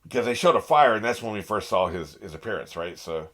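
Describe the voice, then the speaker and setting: A man hosting a casual anime reaction, his lowish voice bright and forceful. His pitch swings widely as he gets hyped, and he laughs and swears back at the screen. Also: expressive, fast talker. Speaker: reaction channel host.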